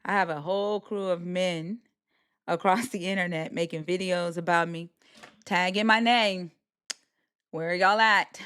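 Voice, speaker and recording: A woman's voice: on the low side, steady tone, unhurried, fairly bright tone, smooth, no echo, clean studio sound. A woman hosting a live stream, talking in a brash, profane, taunting way. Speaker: livestream host. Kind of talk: heated live-stream rant.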